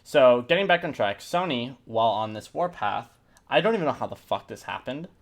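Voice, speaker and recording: A man's voice: mid-range voice, animated, fairly quick. Joking, foul-mouthed podcast host, man. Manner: joking, swears freely. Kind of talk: casual chat.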